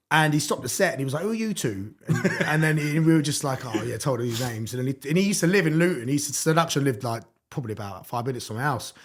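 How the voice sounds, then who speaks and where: A man in his thirties telling stories from his life as a hardcore MC in a casual interview, swearing often and laughing through his tales. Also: medium pitch. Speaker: hardcore MC and DJ, podcast guest.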